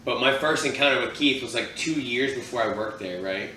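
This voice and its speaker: Fast, crude-talking man on a podcast. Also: medium pitch, reverberant, recorded from a distance, a little hiss or hum, poor audio. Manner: crude, animated storytelling, swears a lot. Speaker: podcast co-host. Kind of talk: casual podcast banter.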